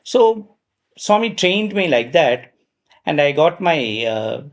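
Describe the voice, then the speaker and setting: A middle-aged man, telling personal stories at a devotional gathering in a lively way, with frequent fillers and self-deprecating asides. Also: a little high. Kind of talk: anecdotal storytelling talk.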